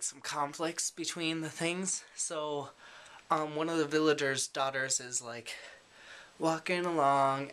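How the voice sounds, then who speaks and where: Guy vlogging to camera, rambly and chatty, bright clear voice. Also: mid-range voice. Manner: rambling, chatty, many fillers and trailing asides; self-deprecating and talkative. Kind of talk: casual daily vlog.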